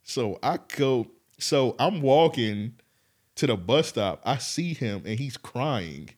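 A man co-hosting a podcast, telling a story in a casual, animated way, laughing often and swearing freely. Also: medium pitch, slow. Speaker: podcast co-host.

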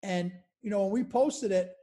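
A podcast host with a mellow, mid-range voice asks questions casually at normal speed. She hesitates often and leans on fillers like "like" and "you know."

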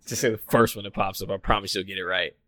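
Excitable, swearing man with a bright voice. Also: deep voice, fast talker. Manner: swears, laughs often, excitable. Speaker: quiz player. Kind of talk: casual chat.

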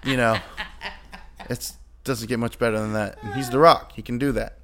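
A man's voice: mid-range voice, moderate pace, a little hiss or hum. A man with an American accent co-hosting a podcast, joking and sarcastic in loose banter. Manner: joking, sarcastic, animated storytelling. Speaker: podcast co-host.

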